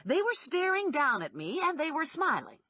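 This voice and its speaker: Lively woman narrating an audiobook. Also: high voice, moderate pace, no echo. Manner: lively, wide-ranging delivery with acted character voices. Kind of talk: scripted first-person audiobook narration.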